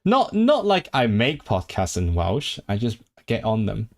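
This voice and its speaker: A man's voice: fairly low pitch, huge pitch swings, measured pace, darkish tone. A man hosting a casual language-learning livestream. He rambles and restarts often, reads viewers' chat messages aloud, and talks eagerly about languages. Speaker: language streamer.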